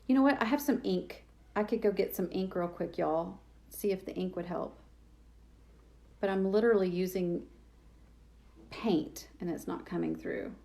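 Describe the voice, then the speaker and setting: Hosting a live craft demo, a woman talks with her viewers in a chatty, self-deprecating way, thinking aloud while working. Her voice is low-ish, warm, and creaky, at a moderate pace with frequent pauses.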